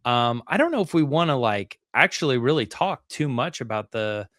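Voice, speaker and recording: A man's voice: mid-range voice, sing-song, moderate pace, a bit bright, no echo, studio quality. Easygoing hesitant male podcast co-host. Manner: easygoing, hesitant, full of fillers and restarts. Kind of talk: casual podcast chat.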